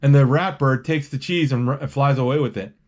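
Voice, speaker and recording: Guy retelling a movie off the cuff, rambly, keeps restarting lines, mid-pitched voice. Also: darkish tone. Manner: rambling, with restarts and quick acted quotes.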